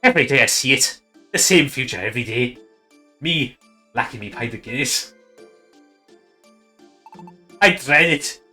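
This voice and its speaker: A man's voice: mid-range voice, lively intonation, a little slow, long pauses, pushed and bright, faint music behind. A man voicing a boozy male bird prophet in a put-on Irish accent, making mock-solemn proclamations for a comedic game dub. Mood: dramatic dread.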